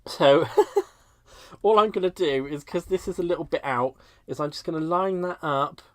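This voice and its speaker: A man's voice: fairly high pitch, moderate pace, no echo. A British man hosting a live crafting tutorial in a chatty way, talking viewers through each step while a bit stuffy from a cold. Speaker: crafting livestream host.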